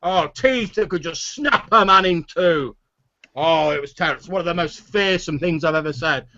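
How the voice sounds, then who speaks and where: Man voicing a boastful bearded tavern owner, raised pitch, blustering, tipsy, dull lo-fi audio. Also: moderate pace, bright, forceful tone. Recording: dull lo-fi recording.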